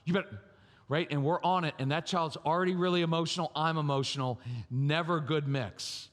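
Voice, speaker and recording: A man giving a parenting talk at a live conference, animated and theatrical, acting out scenes and quizzing the audience. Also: fairly high pitch, fairly quick. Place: large church conference hall. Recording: long hall reverb from a live venue.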